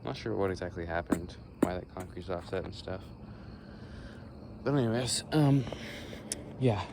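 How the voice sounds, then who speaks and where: A man's voice: low voice, lively intonation, normal speed, gravelly. Rambling young American man on a walk. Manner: rambling, sarcastic, explanatory. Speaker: vlogger. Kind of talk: casual walking monologue. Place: outdoors walking near a road. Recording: faint outdoor and traffic noise.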